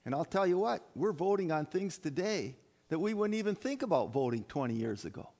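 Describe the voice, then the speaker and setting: A man's voice: fairly high pitch, big pitch swings, brisk, few pauses, darkish tone. A man preaching a sermon to his congregation, emphatic and repetitive, often asking the listeners questions. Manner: emphatic, repeats phrases, addresses the congregation as folks. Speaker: pastor.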